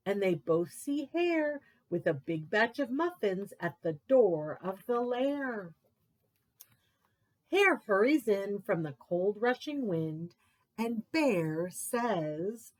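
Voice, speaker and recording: Expressive librarian reading aloud, lively pitch. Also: female voice, slow pace. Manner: expressive read-aloud delivery with character voices. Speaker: children's librarian. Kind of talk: reading a picture book aloud for story time.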